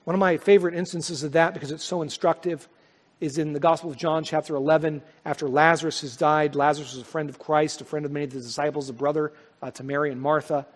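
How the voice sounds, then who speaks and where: A male pastor preaching a sermon, swelling to loud, high peaks and then dropping to soft, quiet lines. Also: steady tone, fast talker. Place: church sanctuary. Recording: long hall reverb.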